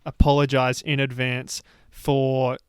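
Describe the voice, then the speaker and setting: A man's voice: mid-range voice, monotone, slow pace, smooth, no room sound, clean studio sound. A young man co-hosting a podcast, telling stories in casual chat and laughing often. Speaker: podcast co-host.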